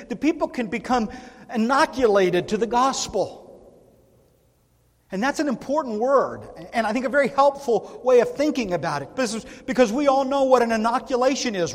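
A male pastor preaching a sermon in a church, earnest and emphatic, with long pauses. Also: very high voice. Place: church sanctuary. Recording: reverberant church hall.

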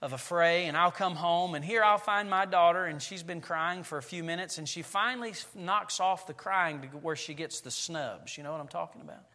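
A man in his forties preaching a Sunday sermon, his voice pitched a little high and ringing with forceful brightness. He tells stories with animation, acting out scenes as he goes. The sound carries a long reverb from a church sanctuary. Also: a little fast, hardly any pauses. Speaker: pastor.

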